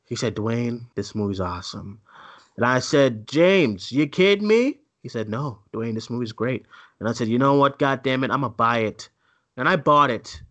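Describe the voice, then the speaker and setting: Animated ranting man with a bright voice. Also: medium pitch, moderate pace. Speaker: co-host. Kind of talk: casual movie rant.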